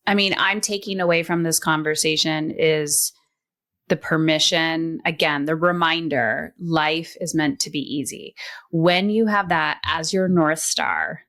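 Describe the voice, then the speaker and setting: Low-voiced woman podcast host. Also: a bit bright. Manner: reflective, summing up and asking follow-up questions. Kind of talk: casual podcast conversation.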